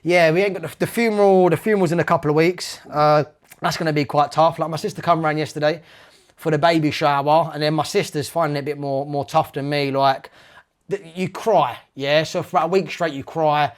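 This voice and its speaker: Higher-voiced East London man, rambling. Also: steady tone, a little fast. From East London, England. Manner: rambling and heartfelt, heavy on "like", "man" and "mate". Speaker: interview guest. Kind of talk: casual conversational interview.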